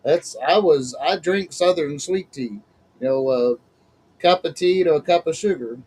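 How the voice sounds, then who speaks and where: A man's voice: on the high side, moderate pace, a little mellow, breathy edge, low-quality recording. A man hosting a casual chat as a minister, folksy and chatty, laughing often. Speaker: host, minister.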